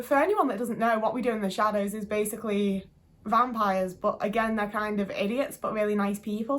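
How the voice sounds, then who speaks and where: A young woman talks straight to camera, gushing and rambling. She swears casually and piles on the praise, at a middling pitch for a woman. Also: a bit bright. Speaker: vlogger.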